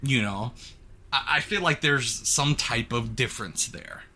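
A man co-hosting a casual podcast chat, animated and laughing often. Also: mid-range voice, measured pace. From United States. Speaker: podcast co-host.

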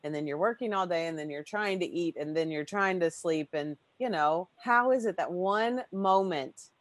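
A woman's voice: fairly low pitch, normal speed, no room sound. A woman hosting a podcast in casual chat, rambling and emotional, often running through long lists of questions. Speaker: podcast host.

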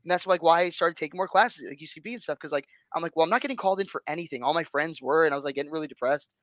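A man chatting casually as a guest, telling lively stories and acting out what people said. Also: a little high, racing, no room sound. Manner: animated storyteller, acts out quotes with big swings. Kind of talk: casual chat.

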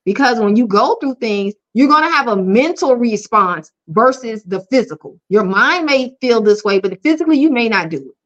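A woman's voice: a little high, animated, normal speed, few pauses, fairly bright tone. A woman life coach speaking frankly and openly in an interview. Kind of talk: candid conversational interview. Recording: dull lo-fi audio.

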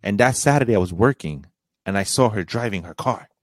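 A man's voice: fairly low pitch, expressive, fairly quick, no room sound. A young man, a podcast co-host, casually telling a long slangy story and acting out both sides of a conversation.

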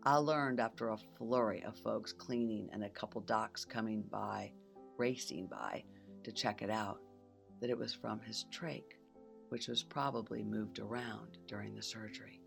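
Woman host, gravelly and intimate, reflective personal narration over faint music. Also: a bass voice, moderate pace. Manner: soft and intimate, drops to a whisper at times. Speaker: podcast host.

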